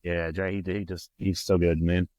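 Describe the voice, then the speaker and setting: A man hosting a casual podcast chat, animated and quoting movie lines with a lifted voice. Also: deep voice, normal speed, dry recording, lo-fi sound. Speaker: podcast host.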